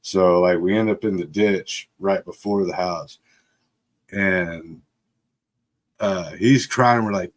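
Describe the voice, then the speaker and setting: A man's voice: low voice, fairly even intonation, slow, pauses often. A middle-aged man casually telling a childhood story on a live stream, swearing freely and laughing as he goes. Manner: profane, laughs often while telling. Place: home setup for a live stream.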